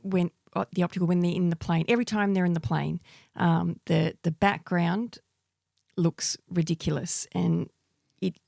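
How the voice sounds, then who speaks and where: A woman's voice: fairly low pitch, steady tone, normal speed, creaky, dark tone, no echo. A woman co-hosting a podcast, asking the questions and giving dry, blunt opinions on a bad movie in casual chat. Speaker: podcast co-host.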